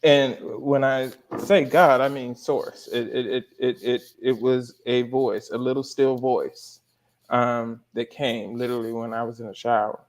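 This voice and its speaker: A man's voice: medium pitch, steady tone, measured pace. A man, a life coach and guest, telling a story in a casual spiritual chat. He laughs often and curses casually.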